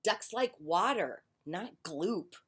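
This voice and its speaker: A woman's voice: mid-range voice, lively intonation, takes it slowly, husky. A woman voicing a sulky, complaining female duck while reading a picture book aloud on a porch. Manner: sulky, grumbling. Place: on a porch outdoors.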